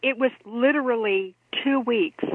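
A woman co-host giving animated, incredulous political commentary, often laughing as she talks. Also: a little high, measured pace, slight background noise. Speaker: talk show co-host. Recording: tinny phone line.

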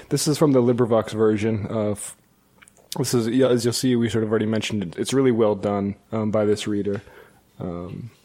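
A man's voice: medium pitch, dark tone. Laid-back man hosting a chatty podcast. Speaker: podcast host. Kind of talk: casual chat.

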